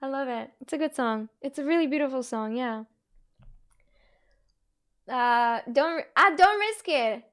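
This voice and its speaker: A young woman with a high voice hosts a casual live stream. She giggles often and reacts to chat messages one after another in a loose, chatty way. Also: lively intonation, a little slow, pauses often, a bit bright, clear, resonant tone. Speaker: Twitch streamer.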